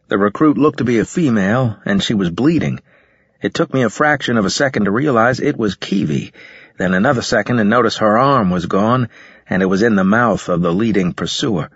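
A man narrating a story in the first person with a steady, measured reading. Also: lowish voice, breathy edge, no room sound, lo-fi sound. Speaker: audiobook narrator.

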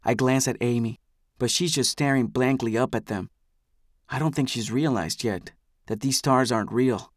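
A man's voice: medium pitch, normal speed, no echo. Man narrating an audiobook, dry sound. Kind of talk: first-person scripted narration.

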